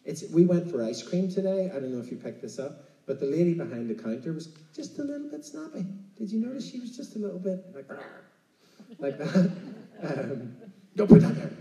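Recorded from a distance in a roomy space, this Irish preacher speaks fairly quickly in a warm, sing-song, fairly high voice. His sermon is casual and chatty, often checking in with "right?".

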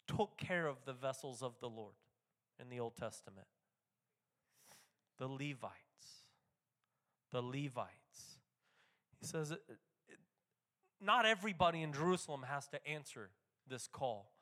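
A man preaching a sermon who reads scripture aloud and explains it in casual talk, going from quiet reading to loud, excited proclaiming. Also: mid-range voice, a little slow, long pauses.

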